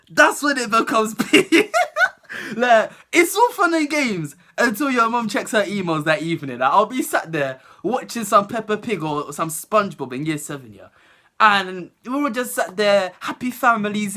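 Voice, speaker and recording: Young woman, storytime vlog, very lively pitch, bright voice, laughs often. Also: normal speed. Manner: animated, laughing, acts out other people's voices. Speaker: vlogger.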